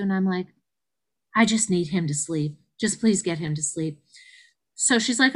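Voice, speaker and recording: A middle-aged woman with a bright, forceful voice tells her story as an interview guest. She is animated, acting out quotes with sudden high leaps in her voice. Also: normal speed, long pauses, rough recording. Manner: animated, acts out quotes with big pitch jumps. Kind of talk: conversational storytelling.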